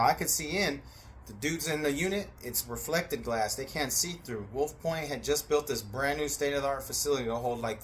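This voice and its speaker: A man telling a story in a casual, animated way, acting out voices and sound effects and swearing freely. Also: mid-range voice, a little hiss or hum.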